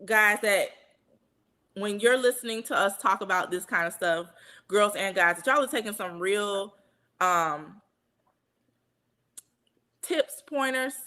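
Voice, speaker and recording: A woman's voice: mid-range voice, slow, pauses often, bright, forceful tone. A woman co-hosting a casual podcast chat, talking earnestly and emphatically and often checking that listeners follow her. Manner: earnest, emphatic, often asks "you understand what I'm saying?". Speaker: podcast co-host.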